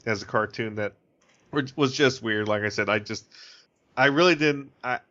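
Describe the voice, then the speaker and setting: Guy rambling and cracking jokes on a podcast, mid pitch, kinda dull lo-fi sound. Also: moderate pace. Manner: joking, rambling, animated. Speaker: podcast co-host. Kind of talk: casual chat.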